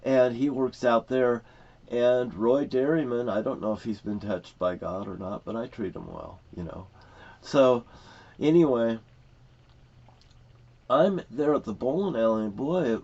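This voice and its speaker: A man's voice: medium pitch, husky. A middle-aged man rambling through a personal story, swearing often and getting worked up as he goes. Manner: profane, excitable, rambling. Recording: dull lo-fi recording.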